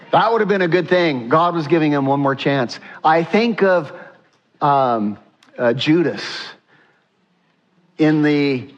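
A man preaching a sermon in a conversational way, asking the congregation questions and acting out the text. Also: fairly high pitch. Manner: conversational, asks the congregation questions, acts out quotes. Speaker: pastor. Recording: dull lo-fi sound.

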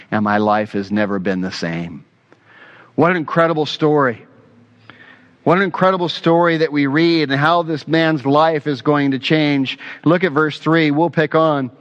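A man preaching a sermon as pastor, telling stories in an earnest, animated way with casual asides. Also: medium pitch, normal speed, highs cut off.

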